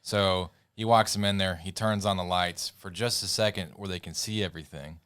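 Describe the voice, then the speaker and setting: A man's voice: sits low, fairly even intonation, moderate pace, a bit bright, clean tone, no room sound, studio quality. A man co-hosting a podcast, telling stories in a rambling, laughing way and losing his words now and then. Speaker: podcast co-host. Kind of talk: casual podcast chat.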